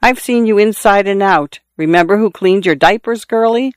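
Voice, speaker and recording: A loud, jovial middle-aged father, shameless and doting, who teases in a raised, pushed-up voice, as a male reader puts him on. The recording is clean and dry. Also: high voice, normal speed, no room sound, pitched above the performer's own voice, natural voice. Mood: teasing.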